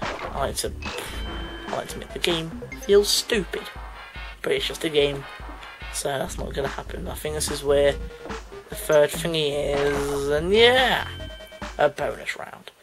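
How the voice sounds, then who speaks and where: Game music plays under a rough recording of a let's play commentator with a mid-range voice who talks a little slowly, leaving long pauses. He chats casually over the gameplay, has frustrated outbursts, and laughs at himself self-mockingly.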